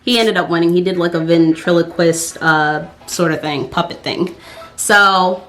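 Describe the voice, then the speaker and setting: A woman's voice: on the low side, measured pace, a bit bright, soft background music. A young woman telling a casual storytime on her vlog, chatty and full of fillers. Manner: chatty, lots of fillers, acts out her own thoughts. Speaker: vlogger.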